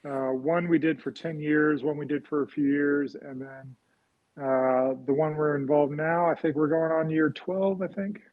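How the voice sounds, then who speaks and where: A man's voice: fairly high pitch, flat delivery, a little slow, dry recording, narrow, tinny audio. A man talking casually as an interview guest, rambling and often adding "right?" after his points. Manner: rambling, frequent "right?" tags and fillers. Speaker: guest real estate investor.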